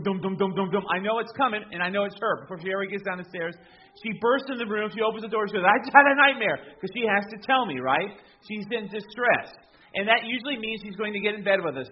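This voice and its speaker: A man's voice: high-pitched, dull audio. A middle-aged man preaching a sermon in a chatty storytelling way, often checking in with the congregation. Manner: conversational, animated storytelling with frequent "right?" asides. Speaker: pastor.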